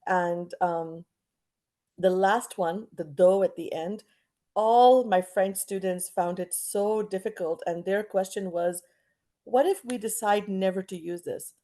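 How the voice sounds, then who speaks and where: A middle-aged woman from Canada teaching an online English class, chatty and stretching out words and pauses to model intonation. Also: medium pitch, warm tone, poor audio.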